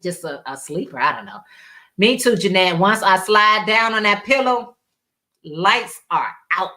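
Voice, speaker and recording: A woman's voice: medium pitch, lively intonation, unhurried, sharp tone. A woman hosting a casual live stream, rambling and reading viewer comments aloud with frequent laughs. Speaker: livestream host.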